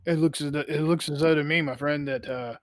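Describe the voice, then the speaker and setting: A man speaking in character during a role-play, measured and formal with small hesitations. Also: on the high side, dry recording, studio quality. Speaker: player.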